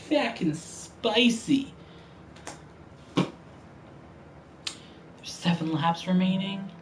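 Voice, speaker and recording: A man's voice: high voice, animated, slow pace, long pauses, a little hiss or hum, poor audio. A man streaming a racing game, talking casually with heavy slang and profane trash talk. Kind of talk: casual gaming commentary.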